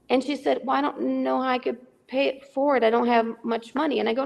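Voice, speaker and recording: A woman's voice: on the high side, quick pace, creaky, hardly any pauses, long reverb tail. A middle-aged woman telling a story in a casual chat as a remote guest, acting out the dialogue. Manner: animated, acts out dialogue in quotes. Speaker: guest, charity volunteer. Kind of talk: casual storytelling on a call-in podcast. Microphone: remote call.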